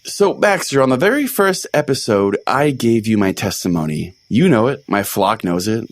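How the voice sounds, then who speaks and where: A man's voice: on the low side, expressive, moderate pace, dry recording, close to an everyday voice. A man voicing a pompous, self-righteous, hotheaded small-town pastor in a comedy podcast sketch. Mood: indignant. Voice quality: pompous, blustering. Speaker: host.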